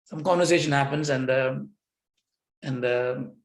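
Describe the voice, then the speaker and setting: A man's voice: medium pitch, measured pace. Man teaching in an echoey room. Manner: plays out dialogues with himself in questions and answers. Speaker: yoga philosophy teacher. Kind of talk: lecture on scripture. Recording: roomy echo.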